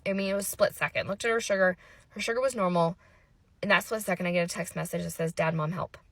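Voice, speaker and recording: Gravelly-voiced mother telling an intense story. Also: lowish voice, fast, no room sound. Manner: intense, breathless retelling with quoted dialogue. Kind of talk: emotional storytime monologue.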